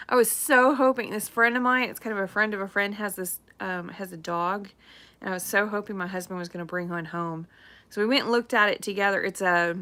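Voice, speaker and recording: A woman's voice: mid-range voice, sharp tone. A middle-aged woman, a real estate agent chatting casually on a live stream, rambling and laughing often.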